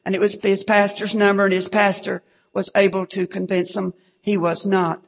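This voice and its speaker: A woman preaches a fervent, emotional testimony, often breaking into hallelujah and sinking to a hush for the saddest parts. Her voice has a gravelly, creaky edge. It rings out with a long reverb through a church hall. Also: mid-range voice, level tone, normal speed. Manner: fervent, repeats hallelujah, drops to a hush at times.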